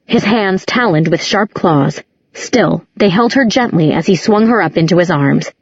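A woman reading a dark fantasy novel aloud as scripted storybook narration, in a measured, dramatic way. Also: fairly low pitch, no echo. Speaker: audiobook narrator. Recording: dull lo-fi audiobook recording.

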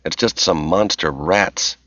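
A man voicing a calm, dryly wry man exploring a dark, foul place while talking over an earpiece. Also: low voice, slow pace, no room sound, heavily acted. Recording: slightly dull dry recording.

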